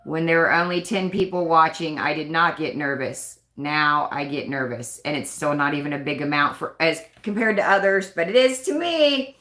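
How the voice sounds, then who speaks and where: Low-pitched woman rambling on a live stream, bright forceful voice, echoey room. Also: normal speed, hardly any pauses. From United States. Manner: chatty, rambling, self-conscious. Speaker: livestream host. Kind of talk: casual live chat.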